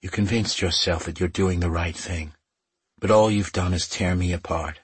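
A defiant young woman, as a male narrator gives her lines, speaks in cold, clipped retorts. The voice is low and deeply husky. It sits dry and close, with no room around it. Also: fairly even intonation, moderate pace, no echo. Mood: bitter.

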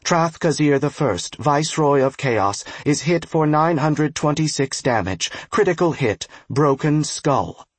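A game's system announcer calling out combat events in a measured, even way, read by a man narrating the book. The voice is husky and recorded dry and close. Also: a little high, no echo. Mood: announcing. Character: flat in-game system announcer voice.

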